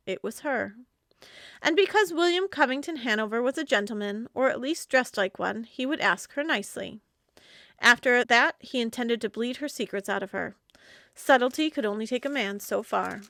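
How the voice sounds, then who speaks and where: A woman reading a novel aloud as a library storyteller, expressive and animated. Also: a little high, no room sound, studio quality.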